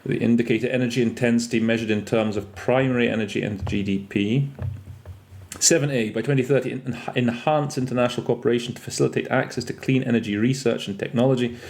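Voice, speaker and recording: An interpreter trainer living in France hosts a podcast lesson on interpreting vocabulary, chatty and self-correcting as he mixes in French and Russian terms. His medium-pitched voice is fast, creaky and darkish, with fairly even intonation.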